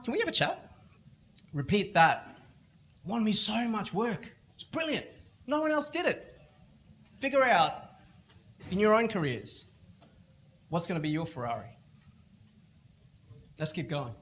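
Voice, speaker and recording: A middle-aged man with an Australian accent gives a keynote at a school event. His voice sits somewhat high, and he tells stories with animated energy, slipping into other people's voices as he goes. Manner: animated storytelling, acting out other people's lines. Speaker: motivational speaker. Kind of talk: keynote talk at a school festival.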